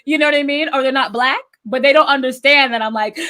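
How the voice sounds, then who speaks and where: A woman co-hosting a podcast, telling stories in an animated way with laughs. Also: sits high, quick pace. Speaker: podcast co-host. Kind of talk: casual podcast chat.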